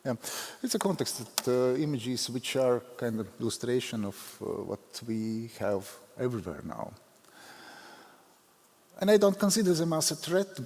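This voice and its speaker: A Latvian man with a Latvian accent, speaking in halting, self-deprecating English with many fillers as a photographer giving a conference talk. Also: medium pitch, creaky. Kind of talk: unscripted conference presentation. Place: large hall. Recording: long hall reverb.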